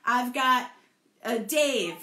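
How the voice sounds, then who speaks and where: High bright-voiced woman leading a story group. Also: animated, extremely slow, echoey room. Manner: playful, encouraging, jokes about tongue twisters. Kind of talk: live group storytelling session. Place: indoor room, also streamed to Facebook.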